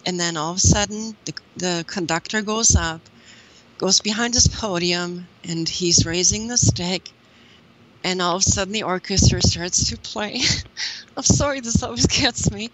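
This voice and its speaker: A woman's voice: on the low side, steady tone, normal speed, a bit bright, poor audio. A woman guest on an interview show, earnestly recounting a personal spiritual story in a rambling way, with many "you know"s and "um"s.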